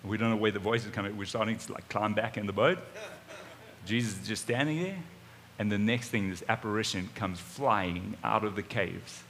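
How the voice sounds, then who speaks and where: A man preaching, retelling a story in the first person in an animated way, with sudden swings in loudness. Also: on the low side, normal speed, slight background noise. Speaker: pastor. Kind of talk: storytelling sermon. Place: church auditorium.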